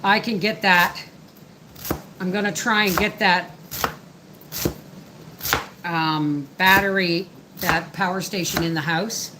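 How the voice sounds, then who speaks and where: Speaking slowly with long pauses, the middle-aged homestead host chats in a rambling way while she works and takes viewer questions. Her pitch is fairly low and her intonation fairly even, with background noise audible.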